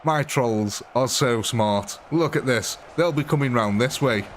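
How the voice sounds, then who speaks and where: A young English man hosting a live game stream, excitable and chatty, laughing often and calling his viewers ladies and gentlemen. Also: medium pitch, unhurried, a little hiss or hum. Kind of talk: casual live gaming commentary.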